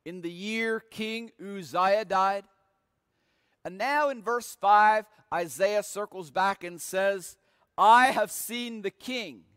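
High-voiced preacher in a reverberant hall. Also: male voice, takes it slowly, a bit bright, clean tone, clean studio sound. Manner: emphatic, dramatic readings of scripture. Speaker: pastor. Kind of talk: sermon. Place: church sanctuary.

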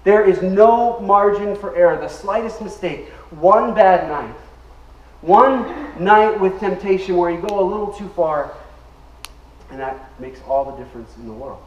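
A man's voice: high voice, animated, measured pace, lo-fi sound. A man preaching in an echoey church. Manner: emphatic, leads the congregation in call-and-response. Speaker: pastor. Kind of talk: sermon. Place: church sanctuary. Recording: echoey room, mic at a distance.

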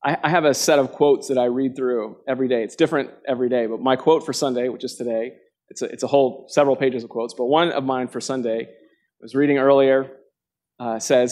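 A man preaching a sermon to a live congregation, earnest and direct, often asking the listeners questions and acting out quotations with big jumps in pitch. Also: steady tone, fairly quick. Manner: dramatic quotes with sharp jumps in pitch. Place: church gathering before a live congregation.

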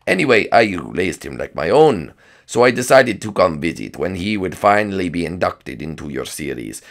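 A man's voice: low voice, very animated, normal speed, creaky, pitched below the performer's own voice, full character voice. A man doing a bumbling, formal scientist. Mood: mock-formal. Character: bumbling male scientist, fussy and proper. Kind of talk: comedic game role-play.

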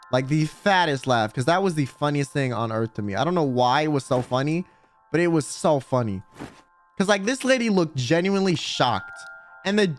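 Animated, swearing male game streamer. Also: on the high side. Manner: animated, loud, swears casually, bursts into laughter. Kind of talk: casual game stream chatter.

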